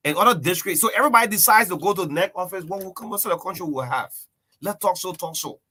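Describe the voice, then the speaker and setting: A male breakfast-show host chats loosely about current events, drifting between points and dropping in "yeah" and "man". His voice sits a little on the high side. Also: quick pace, sharp tone. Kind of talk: casual political talk.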